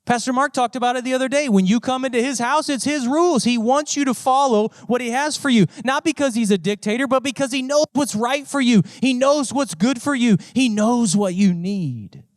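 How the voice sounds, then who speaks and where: High-voiced man preaching, dry and close. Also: a little fast, few pauses, no room sound. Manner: conversational preaching with sweeping pitch swings and repeated phrases. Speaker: pastor. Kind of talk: sermon.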